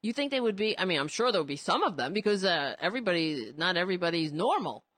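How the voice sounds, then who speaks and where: A woman's voice: lowish voice, big pitch swings, fast talker, a bit bright, dry recording. A woman giving casual political commentary, indignant and sarcastic, rambling with frequent restarts. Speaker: commentary host.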